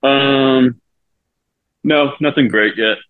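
A man chatting as a podcast guest, telling stories in a profane, lively way and acting out the quotes. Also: medium pitch, drawn-out words, dry recording, phone-quality sound. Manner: profane, animated storytelling with acted-out quotes. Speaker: guest, relief pitcher. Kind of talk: casual podcast chat.

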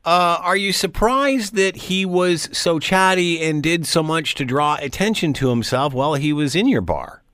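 A man's voice: fairly high pitch, animated, moderate pace, few pauses, fairly bright tone, clean tone, no echo. A man hosting a radio interview, asking conversational questions with some stumbles. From Canada. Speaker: radio talk show host.

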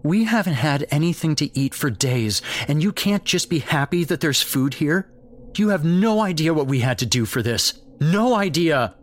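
A man voicing a distraught, furious middle-aged mother in a spoken horror story, pitching his voice up. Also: animated, moderate pace, a little hiss or hum, lightly acted. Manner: shrill, yelling, then coaxing.

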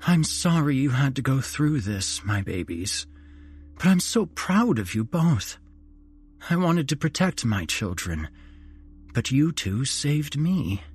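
A man voicing a loving departed mother in a horror story, speaking softly and tenderly. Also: fairly high pitch, lively intonation, extremely slow, long pauses, husky, voice pushed up, heavily acted. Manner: soft, tender, tearful.

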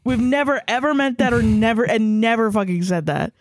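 A young woman co-hosts a casual podcast chat, cursing freely and slipping into mocking voices when she quotes people. Her pitch swings widely as she rants, and the close mic sounds dry and dead. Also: brisk, no echo. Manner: animated, swears freely, puts on quoted voices. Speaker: podcast co-host.

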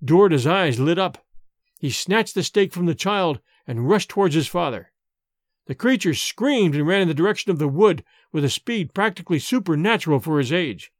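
A man's voice: fairly high pitch, moderate pace, no room sound, clean studio sound. A man giving a dramatic audiobook reading of a gothic story, voicing the characters' lines with feeling. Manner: expressive, voices the characters' lines.

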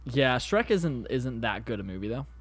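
Very animated and at normal speed, a man with a medium-pitched voice co-hosts a casual comedy podcast at home in his apartment, using a podcast microphone. He wanders through humorous stories, dropping curse words casually.

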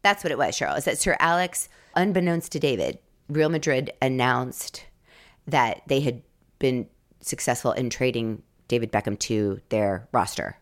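A woman's voice: a bass voice, normal speed. A woman co-hosting a podcast, telling stories in a playful, joking way. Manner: playful, jokey storyteller. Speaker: podcast co-host. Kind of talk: casual chat.

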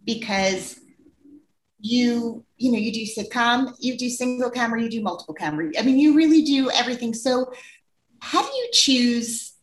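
Enthusiastic woman host in echoey room. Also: on the high side. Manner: enthusiastic, quick affirmations. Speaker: interview host. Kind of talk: casual interview chat.

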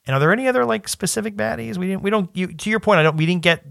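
A man co-hosting a podcast in casual chat, rambling and restarting his sentences, often breaking into animated quoted asides. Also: sits high, racing, creaky, no echo, studio quality. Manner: rambling, self-interrupting, animated quoting. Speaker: podcast co-host.

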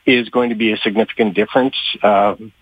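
A man with a fairly low, husky voice answers interview questions over a dull, muffled line. He talks haltingly, stacking fillers and restarts, and sounds a little short of breath. The sound is close and dry, with no room around it. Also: fairly even intonation, no echo. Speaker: trucking industry guest.

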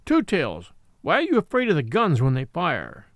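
A team of slow, blunt gun bullocks from a storybook. A man voices them fairly high, with wide swings in pitch. The recording is dry and close. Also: wildly swooping pitch, no room sound.

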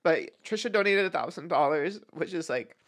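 A man co-hosting a podcast in casual chat, soft-spoken and halting as he talks. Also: a little high, animated. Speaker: podcast co-host.

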